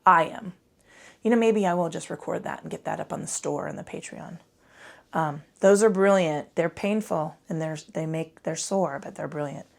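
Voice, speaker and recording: A yoga instructor with a low-pitched voice and vocal fry leads a casual class at normal speed through a microphone. She's chatty and profane, wandering into rambling asides, with a tired edge from getting little sleep.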